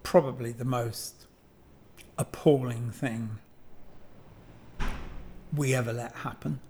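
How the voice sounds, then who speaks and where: A slightly mellow, mid-range male voice, slow in pace with fairly even intonation, comes with a faint hiss or hum. It's an Englishman in his seventies, a guest sculptor, reflecting digressively on objects with frequent ums and self-corrections.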